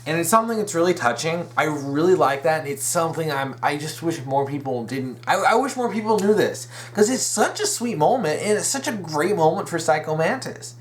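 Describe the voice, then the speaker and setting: A man's voice: on the high side, expressive, fairly quick, hardly any pauses, a little hiss or hum. A young man hosting a casual fan commentary video, rambling, restarting his sentences and correcting himself with eager, opinionated enthusiasm. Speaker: video essay host.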